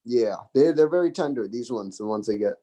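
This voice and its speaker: A man's voice: mid-range voice, expressive, brisk, dark tone. A man who is a comedy guest on a podcast, chatting casually with dry jokes and frequent laughs. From United States. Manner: laid-back, dry jokes, laughs often.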